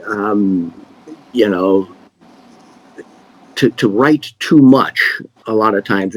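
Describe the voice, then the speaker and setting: A middle-aged man, a magician, answering questions in a relaxed, rambling way with many fillers and restarts. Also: on the low side, poor audio. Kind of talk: casual conversational Q&A.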